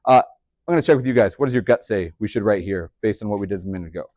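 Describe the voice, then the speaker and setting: A man teaching a high school math class, chatty and upbeat, with joking asides to his students. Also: very fast, darkish tone, no room sound, studio quality. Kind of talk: classroom lecture.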